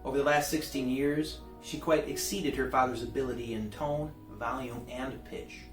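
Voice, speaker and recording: A man reading a novel aloud in a relaxed way, with small restarts. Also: medium pitch, normal speed. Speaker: reader. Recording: roomy, distant mic, faint guitar music.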